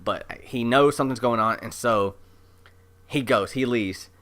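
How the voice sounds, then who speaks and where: A man giving a casual, excited recap of an episode as an anime reviewer, chatty and full of fillers. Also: medium pitch, unhurried. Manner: chatty, animated retelling with many fillers.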